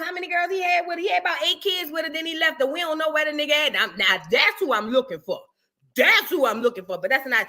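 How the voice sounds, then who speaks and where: Woman streamer chatting with viewers, aave, high bright voice, loud one sec then muttering. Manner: animated, chatty, swings between loud exclamations and muttered asides. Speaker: livestream reaction host. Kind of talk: casual livestream chat reading super chats.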